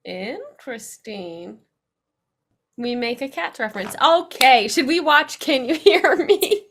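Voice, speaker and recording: A woman's voice: sits high, lively intonation, slow, a bit bright, slight background noise. A woman hosting a reaction video, gasping and reacting aloud in casual chat. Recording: talking over episode music.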